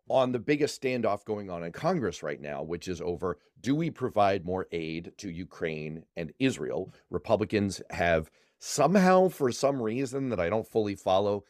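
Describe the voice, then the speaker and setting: A man hosting a political discussion panel, quick to joke between serious points. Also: on the low side, darkish tone, no echo, clean studio sound. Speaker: podcast host.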